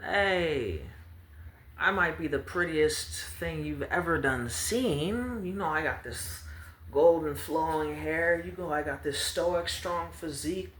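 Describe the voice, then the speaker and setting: A man's voice: a little high, slow pace, a bit bright, pitched above the performer's own voice. A man putting on a vain boastful young hero. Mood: vain, earnest. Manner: showy, self-praising, indignant. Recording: roomy echo with faint ambience.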